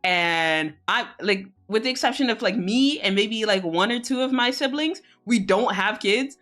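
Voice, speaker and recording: A woman's voice: mid-range voice, lively intonation, moderate pace, a bit bright. A young adult woman chatting casually on a live stream, laughing often and swearing freely. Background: faint music.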